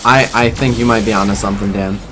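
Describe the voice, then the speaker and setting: Music plays in the background as a low-voiced man talks quickly with fairly even intonation. He's a gaming streamer on a mobile title, chatting casually, finding small faults and responding to chat.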